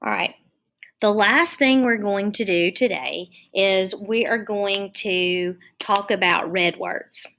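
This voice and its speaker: A woman teaching young children in an online lesson, dictating sentences slowly and spelling words out letter by letter. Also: mid-range voice, a bit bright.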